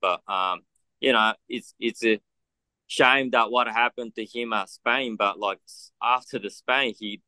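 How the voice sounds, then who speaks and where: A man's voice: mid-range voice, a little slow, pushed and bright, no echo. A middle-aged Japanese man with an Australian accent, chatting loosely in an interview and filling gaps with lots of "you know". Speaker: motocross test rider. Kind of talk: casual interview chat.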